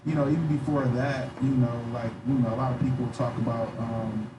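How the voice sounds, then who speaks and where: A man's voice: mid-range voice, steady tone, brisk, over music. A man speaking casually in a laid-back way, often saying "man" and "you know". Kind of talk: casual conversation. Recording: echoey room with loud noise.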